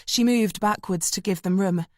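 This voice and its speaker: A woman audiobook narrator reading a thriller in a measured, tense storytelling manner. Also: medium pitch, darkish tone, no room sound, studio quality. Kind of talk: scripted narration.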